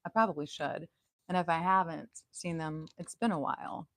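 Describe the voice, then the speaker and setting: A woman hosting a live stream in a casual, chatty way, giggling often and throwing in loud, swearing asides. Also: deep voice, fairly even intonation, moderate pace, no room sound, low-quality recording. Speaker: host.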